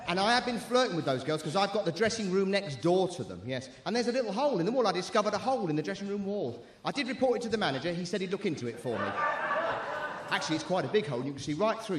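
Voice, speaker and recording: A man's voice: sits high, a little hiss or hum. A man compering a live show, bantering with the crowd in a cheeky, bawdy way. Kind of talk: stand-up compering. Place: live venue stage.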